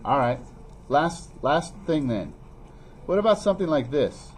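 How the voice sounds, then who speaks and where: A man teaching a math review lesson in a classroom, playfully teasing students and calling them by name. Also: a little slow. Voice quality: animated, pitch jumping high when teasing students. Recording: faint classroom noise.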